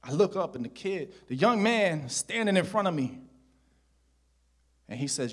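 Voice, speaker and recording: High-pitched guy pastor telling a story in a sermon, goes from hushed to shouting. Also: expressive, a little slow.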